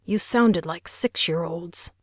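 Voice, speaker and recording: A woman's voice: fairly low pitch, slow pace, dry recording, studio quality. Woman voicing a coaxing, charming teenage boy.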